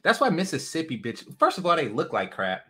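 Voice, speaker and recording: A man's voice: fairly high pitch, huge pitch swings, brisk, pushed and bright, slightly rough. A man from California hosting a casual livestream, ranting bluntly with lots of profanity and rambling asides. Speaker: host.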